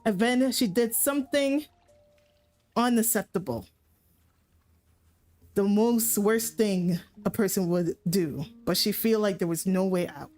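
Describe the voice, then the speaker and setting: A woman's voice: mid-range voice, measured pace, long pauses, a little mellow. Rambling, profane woman streamer. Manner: rambling, profane, self-correcting. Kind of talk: casual story recap rant. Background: faint background music.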